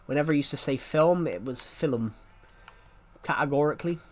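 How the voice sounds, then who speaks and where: A man's voice: fairly high pitch, lively intonation, fast talker. A young man with a mixed English and Welsh accent, chatting casually with viewers on a live stream. He rambles and restarts his sentences. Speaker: livestreamer reading chat.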